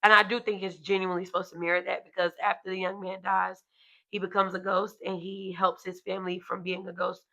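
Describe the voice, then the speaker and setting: A woman's voice: medium pitch, little pitch movement, brisk, creaky, bright, forceful tone, dull audio. A woman in her thirties co-hosting a podcast, talking candidly and emphatically in casual chat. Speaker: podcast co-host.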